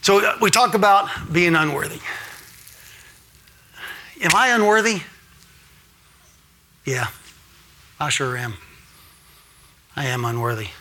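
A man preaches a sermon as a guest speaker in a church, talking to the congregation in an earnest, direct way and often checking in with them. His voice is bright and forceful and sits a little high for a man. He climbs to emphatic peaks on key points. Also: expressive, unhurried, pauses often. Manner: addresses the congregation with frequent "all right?" and "right?". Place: church sanctuary.

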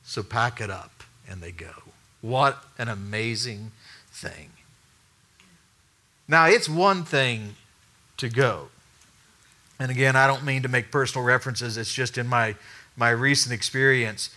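A middle-aged male pastor preaching a sermon in a conversational way, asking the room questions and dropping quiet to stress a point. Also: mid-range voice, measured pace, pauses often.

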